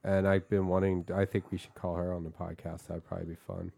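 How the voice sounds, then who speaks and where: A man hosting a casual podcast chat, telling stories with lively bits of impression. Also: low voice, fast, gravelly, no room sound, clean studio sound. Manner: animated storyteller, slips into impressions. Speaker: podcast host.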